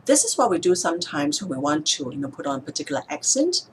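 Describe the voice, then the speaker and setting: Calm, measured woman speech therapist. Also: deep voice, slight background noise. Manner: calm, measured, demonstrates words slowly with stress. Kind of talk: instructional explanation to camera.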